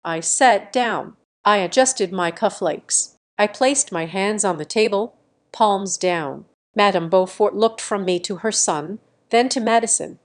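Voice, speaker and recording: A woman reading a first-person revenge story aloud in a measured, deliberate scripted narration. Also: mid-range voice.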